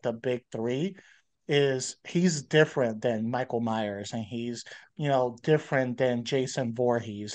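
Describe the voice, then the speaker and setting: A man's voice: medium pitch, a little mellow. A man co-hosting a podcast in casual chat, rambling with fillers and restarts. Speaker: podcast co-host.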